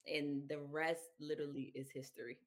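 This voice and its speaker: A young adult woman, a children's book author, telling her story in an interview, lively and laughing often. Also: deep voice, moderate pace. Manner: animated, laughs often, acts out quotes.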